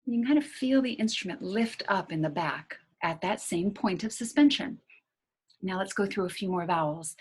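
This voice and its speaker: A woman leads a voice lesson with a soft, slightly breathy tone. She talks listeners through slow breaths and vowel shapes in a calm coaching manner. Her pitch sits in an ordinary middle range. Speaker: singing teacher. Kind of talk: guided voice lesson.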